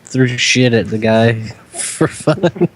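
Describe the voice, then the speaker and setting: A man playing a tabletop game who declares his moves between giggles. His voice is middle-pitched and ordinary. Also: takes it slowly, a little hiss or hum. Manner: giggly, declares actions with laughter. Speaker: player. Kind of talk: tabletop play.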